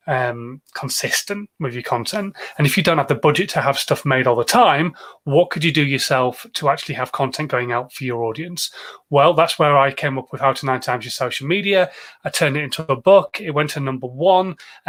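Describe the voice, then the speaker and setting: A man's voice: on the high side, a bit bright. A man hosting a live show, talking casually to viewers and greeting them with frequent filler words. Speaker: host of a live social media show.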